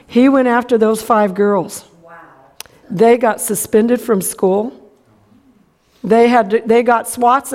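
A woman's voice: mid-range voice, a little mellow. A middle-aged woman preaching a sermon, telling a personal story in a folksy way and acting out the other people's lines. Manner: folksy storytelling, acts out quotes.

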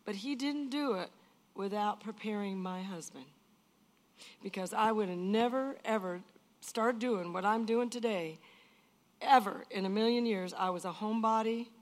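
An older woman giving an emotional personal testimony in an earnest, emphatic way, often repeating phrases. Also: mid-range voice.

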